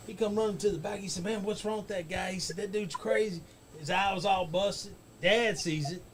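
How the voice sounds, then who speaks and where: A man's voice: high-pitched, fairly even intonation, a little fast. A man casually telling a rambling, profane backstage story as a guest on a talk show, laughing as he goes.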